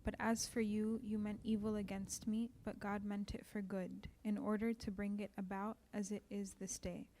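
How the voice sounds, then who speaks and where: A woman reading scripture aloud at a steady, even pace. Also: mid-range voice, normal speed, few pauses, slight background noise, rough recording. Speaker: scripture reader.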